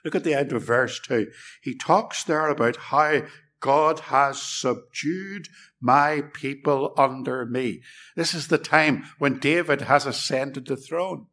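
A man preaching a sermon in a measured, emphatic way, sometimes dropping to a near-whisper for stress. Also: medium pitch, fairly bright tone.

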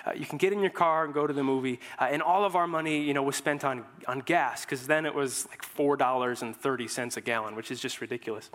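A man's voice: mid-range voice, quick pace, few pauses, fairly bright tone, big-room sound. A young man preaching a sermon as pastor, telling stories in a loose, joking way through a headset mic. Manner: storytelling, informal and joking. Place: church hall.

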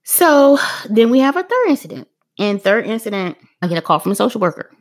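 A middle-aged woman with a medium-pitched voice, a little fast, talks about her own life as a parent in casual podcast style. She's lively, performing others' words in dialogue while chatting directly to listeners with filler words.

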